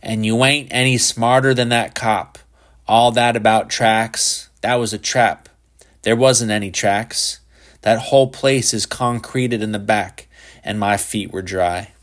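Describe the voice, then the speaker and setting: A man's voice: on the low side, fairly even intonation, unhurried, close to an everyday voice. A man voicing a sly, mocking teenage boy with a clubfoot in a storybook reading.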